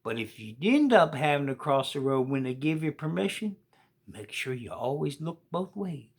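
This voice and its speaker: A woman's voice: low voice, big pitch swings, normal speed, breathy edge. A woman telling a children's story in a folksy, colloquial way and speaking straight to the young listeners.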